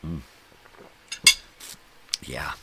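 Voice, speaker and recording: A man's voice: drawn-out words, bright, forceful tone, a little hiss or hum. A middle-aged man hosting a casual solo morning stream. He rambles, jokes and swears, and often trails off while he searches for names. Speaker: host. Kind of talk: casual solo livestream chat.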